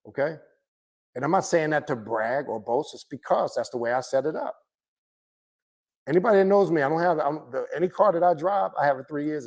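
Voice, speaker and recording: A man teaching about the occult in a blunt, profane, impassioned lecture to his viewers. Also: on the high side. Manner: blunt, profane, animated ranting.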